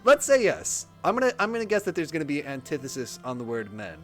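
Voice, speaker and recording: A man's voice: fairly high pitch, big pitch swings, quick pace, a bit bright, faint music behind. A man streaming a game live, reading its text aloud and joking about it as he goes. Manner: jokey, reads game text aloud and riffs on it. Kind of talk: casual live-stream commentary.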